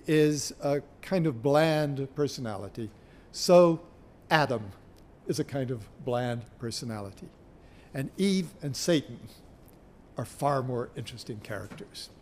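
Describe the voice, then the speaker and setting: A man giving a university lecture on poetry, speaking in a measured way with pauses, sometimes searching for his place. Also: medium pitch, a little mellow. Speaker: literature lecturer.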